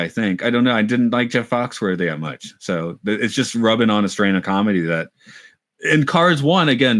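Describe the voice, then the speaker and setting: A man's voice: medium pitch, a bit bright, no room sound, clean studio sound. A man in a casual podcast chat who rambles, restarts his thoughts and thinks aloud. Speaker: podcast co-host. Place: lives in Japan.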